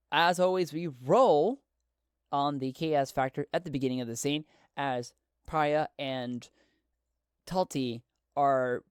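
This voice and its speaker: A man's voice: on the high side, smooth, dry recording, studio quality. A man narrating and running a solo tabletop game in a casual, rambling way, often restarting his sentences.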